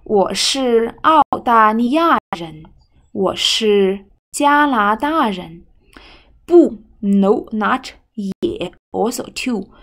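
Slow-paced woman teaching Mandarin. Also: fairly high pitch, lively intonation, fairly bright tone. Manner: patient, repeats "okay?" after each point. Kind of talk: language lesson explaining grammar.

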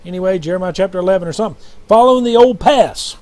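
A man's voice: high voice, rapid-fire, a little mellow. A man preaching and recounting a dream in a rambling, repetitive, fervent way, often calling out to "brothers and sisters.". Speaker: self-styled prophet and preacher. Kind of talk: late-night dream testimony and preaching. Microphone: recorded alone at night.

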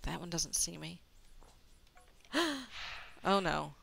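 A woman's voice: low voice, fairly even intonation, slow, vocal fry, fairly bright tone. A woman giving playful, chatty commentary while she plays a video game, talking to herself as she goes. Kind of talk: gameplay commentary.

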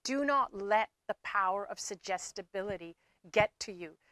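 A woman's voice: mid-range voice, lively intonation, normal speed, a bit bright, no echo. A woman giving an earnest motivational talk to her viewers, often circling back and repeating her words. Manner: earnest, repeats herself with fillers. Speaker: spiritual speaker.

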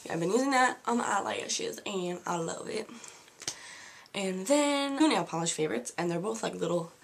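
Woman beauty vlogger, mid-pitched, bubbly and chatty, casual review tone, light background hiss. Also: expressive, normal speed, creaky. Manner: bubbly and chatty, with frequent "like" fillers. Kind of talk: casual product review chat. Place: at home, seated with products in front of her.

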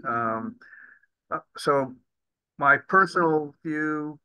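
A man with a sharply bright, tense voice asks questions as a committee member on a video call. He speaks haltingly, searching for words, and his sound is dry and close with no room echo. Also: on the high side, clean tone. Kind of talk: remote committee meeting discussion.

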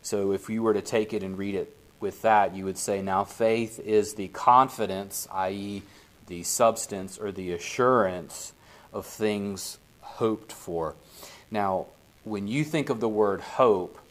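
A man with a lowish voice leads a casual Bible study for a small group. He talks in an easy, conversational way and keeps asking the group whether they follow. His tone stays relaxed and unhurried. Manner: conversational, often checks in with the group.

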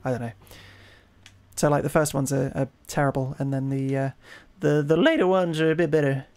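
A man co-hosting a casual gaming stream, excitable and cheering, with lots of stammered restarts. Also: a little high, brisk, slight background noise.

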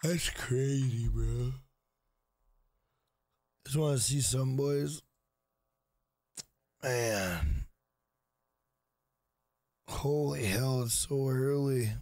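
A man's voice: mid-range voice, very slow, pauses often, a little mellow, dry recording, studio quality. A man streaming a video game, chatting casually with viewers in a profane, tired, drawling manner. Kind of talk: casual live-stream commentary.

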